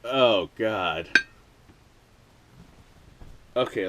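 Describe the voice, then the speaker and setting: Guy vlogging, kinda low voice, lots of "like", laughs a bunch, swears here and there. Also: expressive, drawn-out words, long pauses, fairly bright tone. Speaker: video host. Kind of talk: casual vlog commentary.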